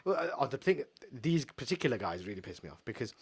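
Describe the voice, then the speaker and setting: A young English man co-hosting a casual podcast, blunt and sweary, telling animated stories. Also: mid-range voice, fast, slightly rough. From England. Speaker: podcast co-host. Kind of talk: casual chat.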